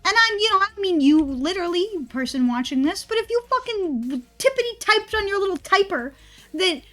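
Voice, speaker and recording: A woman's voice: very high voice, lively intonation, fairly quick, a bit bright, faint music behind. A woman streamer in casual stream chat, ranting and rambling with a lot of swearing.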